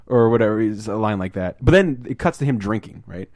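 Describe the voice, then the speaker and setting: A man hosting a casual podcast, talking about a film, rambling and swearing and acting out scenes in quick put-on voices. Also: mid-range voice, darkish tone, dry recording, studio quality. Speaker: podcast host.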